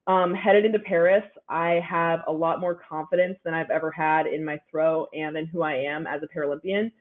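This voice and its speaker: A woman's voice: deep voice, steady tone, normal speed. A young woman in her twenties, an athlete guest giving upbeat, chatty interview answers full of "like"s. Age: 20s. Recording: phone-like narrow line.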